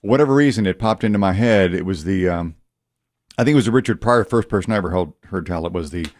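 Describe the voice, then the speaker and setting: A man's voice: sits low, fast, a little mellow, no echo, clean studio sound. A man co-hosting a morning radio show, telling stories in an easygoing, wry way. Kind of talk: casual radio banter.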